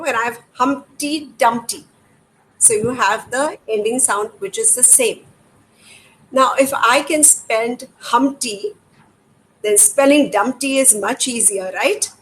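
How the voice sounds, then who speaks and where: At a measured pace, a middle-aged woman with an Indian English accent, an educator, talks parents through reading activities in a fairly bright voice on the high side. She patiently demonstrates and asks rhetorical questions, though the audio is poor with faint background noise.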